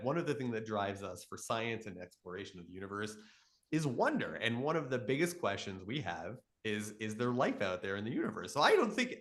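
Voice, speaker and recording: Enthusiastic man, lively expressive pitch. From Canada. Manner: enthusiastic storytelling, animated voices in quotes. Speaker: astronomy educator. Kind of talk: live Q and A explanation.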